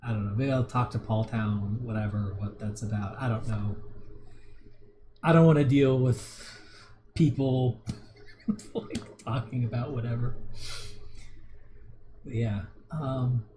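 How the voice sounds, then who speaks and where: A man's voice: medium pitch, takes it slowly, pauses often, dark tone, a little hiss or hum. A man in his thirties hosting a casual livestream, reading viewer comments and rambling with many restarts and chuckles. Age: 30s. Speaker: livestream host.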